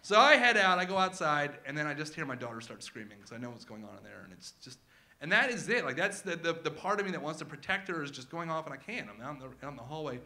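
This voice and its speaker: A man's voice: a little high, quick pace. A man in his thirties telling a comic true story about his family to a live audience. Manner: animated, comic, acts out his kids' voices. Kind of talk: live first-person storytelling.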